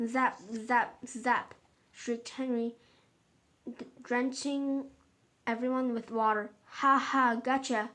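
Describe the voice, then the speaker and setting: Storybook brat boy, whiny and defiant, read by a woman, slow delivery. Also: on the high side, steady tone, lightly acted. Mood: gleeful. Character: horrid sulky young boy, bratty.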